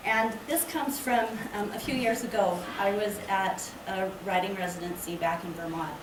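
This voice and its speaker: A woman reading her poetry aloud at a public library event in a measured, lyrical way. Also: mid-range voice, fairly even intonation. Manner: slow, measured, lyrical delivery. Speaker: poet reading her work. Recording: echoey room, distant mic, background noise.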